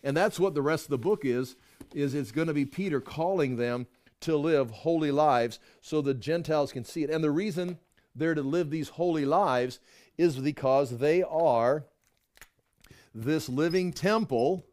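Man teaching scripture, slightly high voice. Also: a little slow, a little mellow. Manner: explains verses, reads scripture aloud and comments. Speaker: bible teacher. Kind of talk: bible study teaching.

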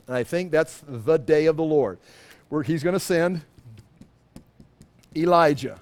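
A high-pitched male preacher teaching scripture in a loose, conversational sermon. He rambles, stops himself mid-thought and drops in joking asides. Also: a little slow, pauses often. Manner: rambling, self-interrupting, humorous asides. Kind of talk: informal sermon, Bible teaching.

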